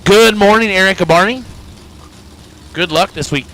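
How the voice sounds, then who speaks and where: A man with an Indiana accent calling drag races live from an announcer booth, brisk and joking as he reads out names and times. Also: high-pitched, fairly bright tone, slight background noise. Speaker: race announcer. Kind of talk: live drag-racing commentary.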